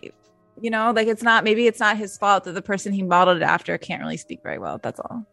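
A woman's voice: mid-range voice, animated, quick pace, gravelly, a bit bright, dry recording, soft background music. A woman co-hosting a casual movie-review podcast, chatty and full of "like" fillers, laughing easily. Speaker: podcast co-host.

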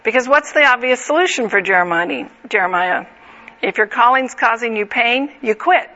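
A woman leads a Bible study lesson, walking listeners through the passage in a plain, conversational way. Her voice sits a little high and sounds bright and forceful. The recording is somewhat dull and lo-fi. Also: expressive, moderate pace. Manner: explanatory and conversational. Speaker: Bible teacher.

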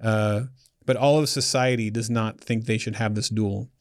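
A man's voice: on the low side, fairly even intonation, moderate pace, no room sound, clean studio sound. A man talking as an author guest in a casual chat, loose and joking, with many restarts.

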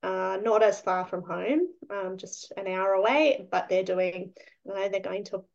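A woman's voice: medium pitch, moderate pace, gravelly. Australian woman, podcast co-host, loose rambling delivery, slightly muffled recording. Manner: chatty, rambling, trails off. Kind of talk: casual podcast chat.

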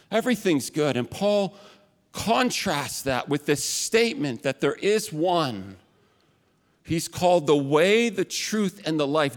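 A man with a notably high voice delivers a relaxed, conversational sermon, drifting into joking asides about himself. His words ring out with a long reverb, as though from a large church sanctuary. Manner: chatty, with self-mocking asides. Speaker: pastor.

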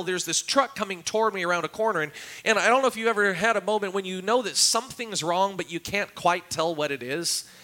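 Bright-voiced high male pastor preaching. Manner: dramatic, acts out quotes with raised voice. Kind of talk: sermon. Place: church.

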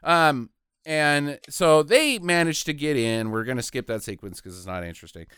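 A man co-hosting a casual podcast, retelling a film's plot with lively mock voices. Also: a little high, normal speed, smooth, dry recording, studio quality. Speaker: podcast co-host. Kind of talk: casual movie recap chat.

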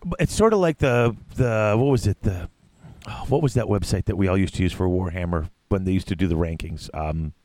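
A man co-hosting a casual hobby podcast, talking in a rambling, animated way with many restarts. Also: sits low, a little fast, no echo. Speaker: podcast co-host. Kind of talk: casual chat.

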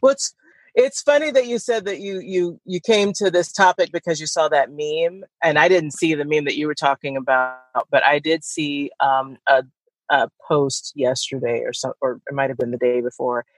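A woman's voice: sits low, moderate pace, no room sound, poor audio. A woman co-hosting a podcast, talking thoughtfully in a loose, rambling way with restarts. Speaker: podcast co-host. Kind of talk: casual conversation.

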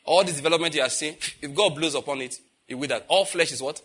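A man preaching a sermon emphatically, asking the congregation questions and swinging from loud declarations to quiet intensity. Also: fairly high pitch, fast, slightly rough. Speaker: pastor.

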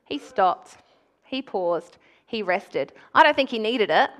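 A woman's voice: medium pitch, slow pace. Young woman preaching a chatty sermon. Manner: animated, conversational, with call-and-response.

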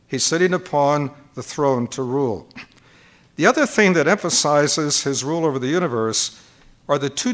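An older male preacher delivers a teaching sermon at a conference. His voice sits a little high for a man. He works through his points one by one and repeats key phrases to drive them home. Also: a bit bright.

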